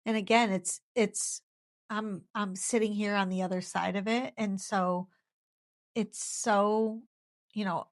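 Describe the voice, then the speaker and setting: A woman's voice: mid-range voice, fairly even intonation, slow. A woman in her thirties sharing her faith story in an interview, earnest and heartfelt, repeating phrases for emphasis.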